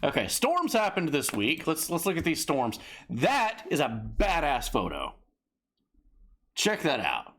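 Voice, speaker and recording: A man co-hosting a live stream, chatting casually, excitable and profane, laughing often. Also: fairly high pitch, unhurried, a little hiss or hum. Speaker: stream co-host.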